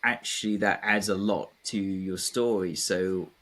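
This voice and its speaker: A man's voice: sits low, fairly even intonation, measured pace, a bit bright. A man from England, a guest in a casual conversation, speaking reflectively with frequent fillers. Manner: reflective, many fillers and hesitations.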